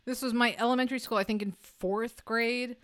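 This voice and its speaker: Woman co-host, casual chat, animated and laughing storyteller, smooth resonant voice. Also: a little high, a little fast. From Brooklyn, New York.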